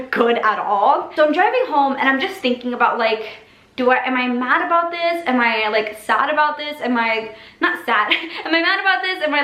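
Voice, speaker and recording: A young woman recounts a story to her viewers in a rambling, chatty way, her voice sitting slightly high. She restarts sentences constantly and keeps calling out to the audience. The room around her gives a noticeable echo. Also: a bit bright. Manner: rambling, many likes and restarts, addresses viewers as you guys. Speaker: YouTuber telling a story. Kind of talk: casual story time to camera.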